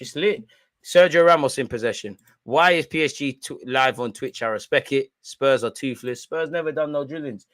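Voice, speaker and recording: A medium-pitched voice with no room sound belongs to a London man in his twenties hosting a live football watchalong. He mixes match commentary with banter and tells stories thick with London slang.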